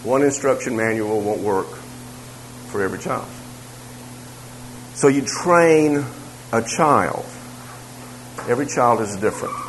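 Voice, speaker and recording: A man's voice: medium pitch, expressive, unhurried, long pauses, a little hiss or hum, rough recording. A man teaching a church Bible class about raising children. He talks conversationally, repeats his phrases and makes asides to the room.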